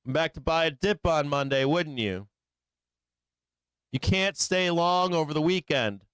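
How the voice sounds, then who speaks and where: A man's voice: a little high, expressive, a little slow, a bit bright, smooth, dry recording. Slangy man breaking down charts. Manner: casual, rhetorical tag questions, slangy. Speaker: host. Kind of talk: live trading chart analysis.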